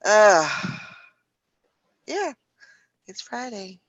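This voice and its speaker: A woman's voice: mid-range voice, big pitch swings, very slow, no echo, highs cut off. A woman hosting a casual morning chat show, chatty and laughing often. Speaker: show host.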